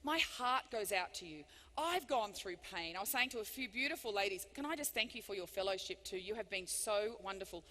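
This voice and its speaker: A woman giving a live motivational keynote speech, animated and emphatic, swinging between loud bursts and hushed lines. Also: medium pitch, brisk. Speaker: motivational speaker. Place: large hall before thousands of people. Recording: long reverb of a big hall.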